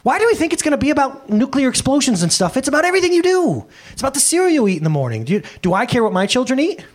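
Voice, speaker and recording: A man in his thirties preaching a sermon as pastor, animated, swinging from loud bursts to quiet asides and acting out quoted voices, speaking into a handheld microphone. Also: very high-pitched, very fast.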